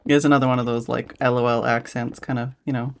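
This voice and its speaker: A woman's voice: a bass voice, level tone, quick pace, a little hiss or hum. Giggly rambling woman streamer. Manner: rambling, giggly, lots of fillers. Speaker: streamer host. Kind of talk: casual chat on a live stream.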